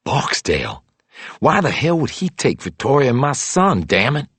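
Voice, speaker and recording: A man voicing a gruff, injured older father in an audiobook, speaking with agitation. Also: mid-range voice, very animated, normal speed, fairly bright tone, no echo, voice pushed up, full character voice. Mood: gruff, worried.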